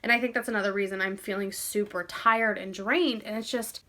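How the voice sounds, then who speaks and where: A woman's voice: mid-range voice, fairly even intonation, a little fast, few pauses, sharp tone. A young woman vlogging casually to camera, chatty and out of breath, sighing now and then and saying "like" a lot.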